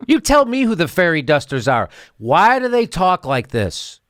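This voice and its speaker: A man's voice: a little high, wildly swooping pitch, moderate pace, a bit bright, no room sound, clean studio sound. A man hosting a political commentary show, ranting sarcastically and laughing as he mocks what he plays. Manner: sarcastic, mocking, laughs often.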